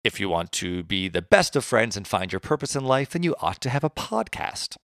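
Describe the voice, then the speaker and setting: A man's voice: on the low side, big pitch swings, brisk, a bit bright, no room sound. A man, co-hosting a podcast and casually explaining philosophy, self-deprecating and tripping over hard words. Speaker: podcast co-host.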